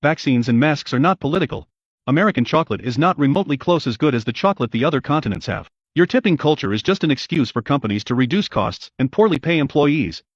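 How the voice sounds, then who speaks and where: A man reading online posts aloud with a brisk, blunt delivery. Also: mid-range voice, animated, no echo, dull audio. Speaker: narrator.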